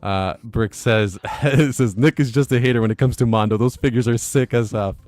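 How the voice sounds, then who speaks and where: A man hosting a casual livestream, reading viewer comments aloud in a relaxed way and chuckling between them. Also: mid-range voice, normal speed, no room sound, faint music behind. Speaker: livestream host.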